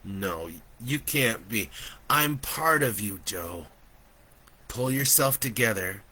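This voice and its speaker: A man voicing an urgent, ghostly little boy who speaks with slow, solemn insistence. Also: on the low side, expressive, sharp tone, breathy edge, exaggerated voice. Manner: pleading, commanding, slow and emphatic.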